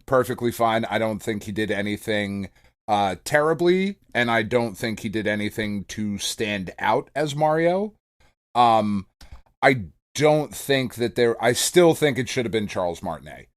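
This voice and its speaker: A middle-aged man co-hosting a casual podcast, his pitch rising and falling in an animated way. He talks loosely and swears freely as he chats. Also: a little slow. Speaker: podcast co-host. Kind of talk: casual chat.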